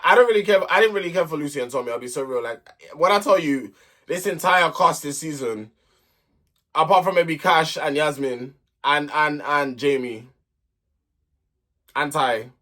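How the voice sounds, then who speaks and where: Young man, recap vlogger, blunt and exasperated, slightly higher voice, bright tone. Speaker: host of a reality TV recap channel. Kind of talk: casual opinionated recap commentary.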